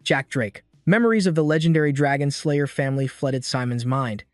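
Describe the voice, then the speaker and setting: A man narrating a scripted story recap with a steady storytelling delivery. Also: fairly high pitch, brisk, no echo, clean studio sound, faint music behind.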